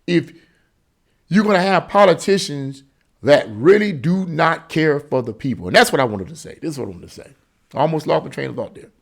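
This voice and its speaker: Emphatic gravelly man ranting. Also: high voice. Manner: emphatic, repetitive and exhorting. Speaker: political commentator. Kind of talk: opinion monologue.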